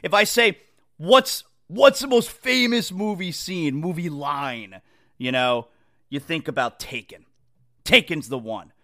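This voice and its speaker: A man hosting a sports talk show, rambling in an animated, casual monologue and often repeating himself. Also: on the high side, measured pace.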